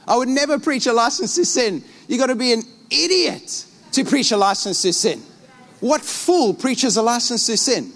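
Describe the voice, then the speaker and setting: A middle-aged male pastor delivers an animated sermon, acting out scenes as he goes. His voice sits fairly high for a man. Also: normal speed. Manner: animated preaching, acts out scenes.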